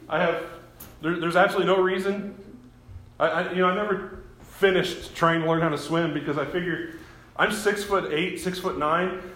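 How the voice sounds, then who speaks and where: A man's voice: high voice, a bit bright, echoey room. A man preaching a sermon as pastor, talking in a folksy, self-deprecating way and often repeating his words.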